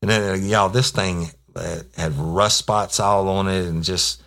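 Middle-aged ex-cop host, very low voice, folksy and foul-mouthed storytelling. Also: male voice, fairly even intonation, unhurried, a bit bright. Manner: profane, rambling, folksy. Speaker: podcast host, former police officer telling stories. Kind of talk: casual storytelling.

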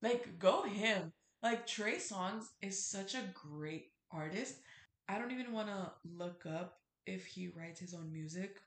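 A woman's voice: lowish voice, measured pace. Rambling young woman podcaster, roomy sound. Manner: rambling, filler-heavy, swears freely. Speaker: podcast host. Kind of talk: casual solo podcast chat.

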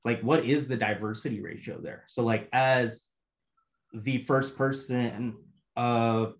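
A man's voice: medium pitch, slow pace. A young man from Bangladesh who grew up in the US, talking casually as a podcast guest. His speech is loose and slangy. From Bangladesh, raised in the US. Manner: laid-back slangy talk full of "like" and "bro". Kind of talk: casual conversation.

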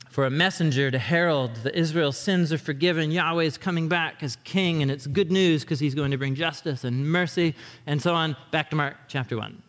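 Animated male preacher in a reverberant hall. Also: fairly high pitch. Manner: animated, conversational preaching with quick asides. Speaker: pastor. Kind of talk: sermon.

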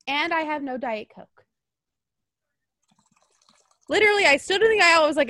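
A woman co-hosting a podcast in casual chat, animated and profane, with frequent laughing asides. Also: very high voice, normal speed, no room sound, studio quality. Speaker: podcast co-host.

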